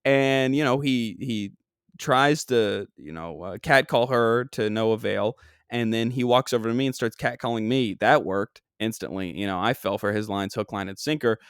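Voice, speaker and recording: A man telling a comic story on his podcast, rambling and poking fun at himself, often doubling back mid-sentence. His voice is smooth and clear, recorded dry and close. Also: on the low side, moderate pace, dry recording. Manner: rambling, self-deprecating, many restarts. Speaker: podcast host. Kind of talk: comedic storytelling. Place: New York.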